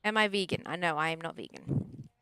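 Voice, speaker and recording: A woman's voice: sits low, expressive, fairly quick, creaky, a bit bright, clean tone, dry recording, rough recording. A young adult woman chatting casually while streaming a relaxing game, playful and rambling, often breaking off to coo at her dog. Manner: makes sing-song beeping sounds while scanning items. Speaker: streamer and therapist. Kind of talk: casual gameplay chat. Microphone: desk microphone.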